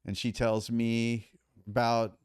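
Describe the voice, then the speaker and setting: Middle-aged male guest, animated storyteller who acts out the quotes, dry close sound. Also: mid-range voice, takes it slowly, clean tone, dry recording. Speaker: podcast guest. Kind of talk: casual storytelling.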